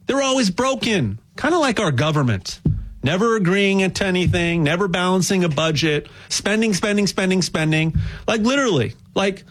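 A man giving a rambling, jokey sales pitch for buying gold, full of restarts and repeated words. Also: husky. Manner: animated, repetitive restarts, jokey asides. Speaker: gold dealer spokesman.

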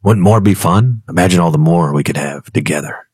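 Man putting on a devil duck, low and wheedling, husky, sly tempter. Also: a little fast, a little mellow, no echo, clean studio sound. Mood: tempting.

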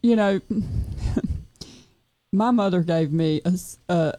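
A woman's voice: fairly low pitch, drawn-out words, dark tone, no room sound. A woman with a Southern US accent chatting enthusiastically on a radio show, gushing with exclamations. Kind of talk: casual radio chat.

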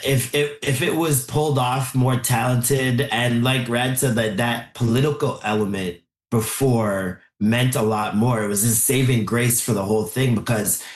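A man on a panel talking in a hesitant way and often restarting his thoughts. His mid-pitched voice rings in an echoey room. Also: fairly even intonation, unhurried. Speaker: panel guest. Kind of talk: panel discussion.

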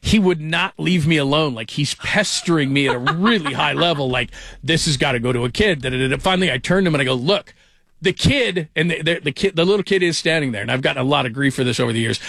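A middle-aged man hosting a casual sports talk show, telling stories and getting animated when amused. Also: on the high side, fast talker, gravelly, dry recording.

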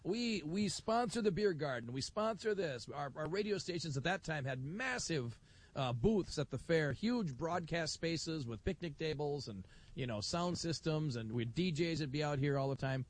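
Animated middle-aged male radio host. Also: a little high, moderate pace. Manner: animated storyteller, acts out voices. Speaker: radio talk show host. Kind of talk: live radio chat. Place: outdoor broadcast booth at a county fair.

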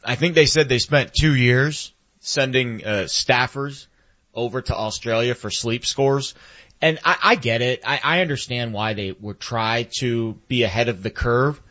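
A man's voice: medium pitch, normal speed, pushed and bright. Sports chat guy, average voice, rambles with kitchen comparisons, muffled lo-fi audio. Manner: rambling, uses homely comparisons.

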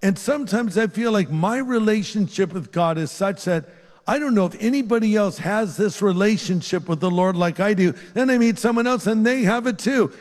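Earnest older preacher in a reverberant hall. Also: male voice, sits high, normal speed. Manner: earnest, pleading, lifts his voice on key phrases and drops soft for prayer. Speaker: pastor. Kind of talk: sermon closing in an altar-call prayer. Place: large church hall with a live congregation.

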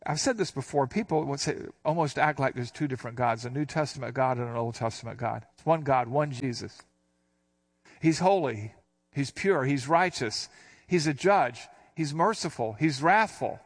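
An older man, a pastor, teaching through a Bible passage, reading verses slowly and explaining them in casual asides. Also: medium pitch.

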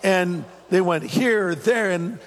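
A man from California preaching a sermon, telling a lively personal story and then reading scripture slowly. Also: sits high, long reverb tail. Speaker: pastor.

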